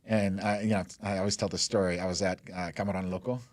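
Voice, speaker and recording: A man's voice: low voice, little pitch movement, fast, a little mellow, no echo. A man in his forties from Denver, a mortgage lender guest telling stories in a rambling, casual way full of "like" and "you know". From Denver, USA. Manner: rambling, lots of "like" and "you know", laughs easily. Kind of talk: casual storytelling interview.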